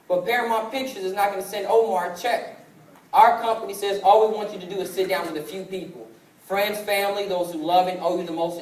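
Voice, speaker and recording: Recorded from a distance in a roomy, echoing hall with faint ambience and a little hiss or hum, a young sales presenter in his 20s speaks in a high voice. His motivational business presentation uses storytelling, acting out the family members and other people in his stories.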